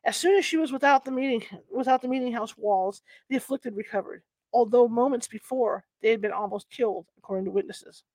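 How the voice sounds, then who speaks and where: A woman hosting a channel, reading a historical book aloud with chatty asides and halting over old wording. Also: on the high side, darkish tone, no echo. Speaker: host of a paranormal reading channel.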